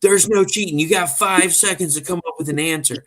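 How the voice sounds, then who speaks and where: Brash, bossy rock star man on a phone prank as a man does the voice, pitched up and bright. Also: brisk. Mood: mock-official.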